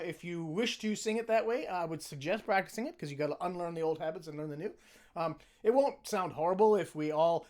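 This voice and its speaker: A man in his middle years leads a choir through its parts, his voice sitting high and worn rough from cheering. He talks casually and pokes fun at himself between sung demonstrations. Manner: chatty and self-deprecating, sings phrases to demonstrate. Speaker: choir director. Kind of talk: conducting instructions for a choir.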